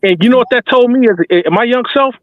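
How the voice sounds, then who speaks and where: A man's voice: extremely high pitch, quick pace, no echo. A man giving passionate, slangy basketball fan commentary as a talk show host, emphatic and repetitive like a preacher. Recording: tinny phone-like dry sound.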